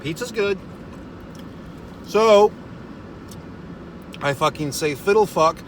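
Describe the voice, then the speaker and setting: Sitting in a parked car, a vlogger launches into an exasperated comic rant, cursing nonstop and laughing at himself. His voice is high-pitched and slow with lively intonation, and the recording carries slight hiss or hum.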